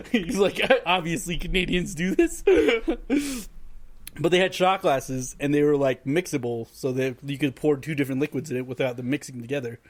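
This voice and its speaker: A man hosting a casual podcast, telling a rambling party story and laughing through it. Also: fairly high pitch. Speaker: podcast host.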